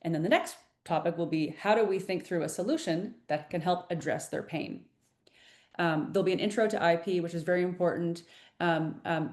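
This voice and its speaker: A woman's voice: fairly low pitch, darkish tone, echoey room. A woman presenting an informational webinar, explaining the program in a loose, conversational way with many fillers and restarts.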